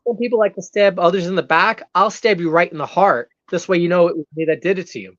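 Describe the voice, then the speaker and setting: Talking fast in a high, slightly bright voice, a man stays in character as a brash heel wrestler on a talk show, cockily ranting and taunting for laughs. The audio is lo-fi, dull and dry, with no room sound.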